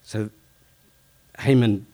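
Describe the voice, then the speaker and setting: A man retelling a Bible story informally, lively and conversational, with fillers and self-corrections. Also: extremely slow.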